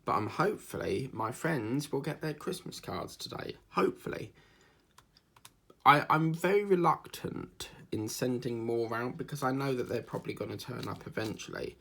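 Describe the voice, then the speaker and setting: A man's voice: mid-range voice, expressive, moderate pace, vocal fry, sharp tone, breathy edge. A man chatting casually while he works on a diamond painting, rambling from story to story and slipping into mimicked accents. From England. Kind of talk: casual chat while crafting.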